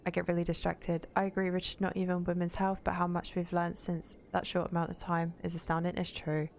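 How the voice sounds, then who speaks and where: A woman's voice: lowish voice, monotone, brisk, vocal fry, a little hiss or hum. A young woman streaming a game, chatting bluntly with viewers and swearing freely. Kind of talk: casual gaming stream chat.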